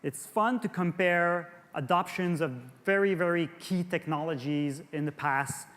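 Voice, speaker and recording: A fairly high-voiced man with a French Canadian accent presents at an industry conference. He stumbles, restarts and repeats words as he goes. His voice rings with the long reverb of a large hall. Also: a little slow, a bit bright. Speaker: conference speaker.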